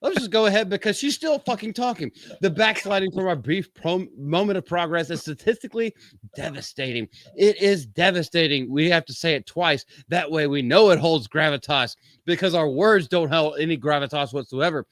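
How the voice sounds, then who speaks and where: A man's voice: a little high, animated, brisk, few pauses, a bit bright, no room sound. A man hosting a live-stream commentary show, reading quotes aloud and interrupting them with a profane, mocking rant. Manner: reads quotes aloud and interrupts with sarcastic asides. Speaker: podcast host.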